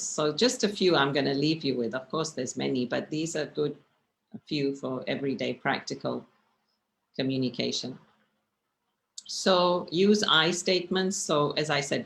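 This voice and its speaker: With a low, gravelly voice, a woman presents a slide-based online lecture for a communication class over video call. She talks conversationally and checks in with her listeners often.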